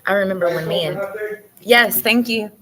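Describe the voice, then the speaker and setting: A woman's voice: medium pitch, moderate pace, a crowd in the background, poor audio. A woman chatting casually from her car, loose and talkative, with frequent laughter. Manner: laughs constantly while retelling a funny video. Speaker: vlogger. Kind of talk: casual chat.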